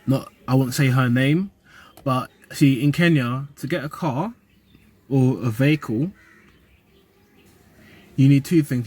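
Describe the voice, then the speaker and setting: Casting note: young man, husky mid-pitched voice, slangy and animated, vlogging straight to camera. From UK and Nigeria. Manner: animated, slangy street talk. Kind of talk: casual vlog monologue.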